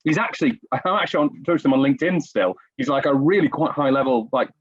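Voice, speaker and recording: A male podcast guest tells stories in a casual, chatty, self-deprecating way. He speaks quickly at a medium pitch with a breathy edge, and the recording is dull and lo-fi.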